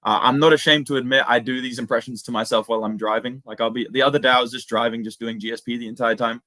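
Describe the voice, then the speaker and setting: A young man with an Australian accent chatting casually as an interview guest, slangy and relaxed. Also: mid-range voice, quick pace, no echo. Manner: laid-back, slangy, says "man" and "bro" a lot. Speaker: guest, MMA YouTuber.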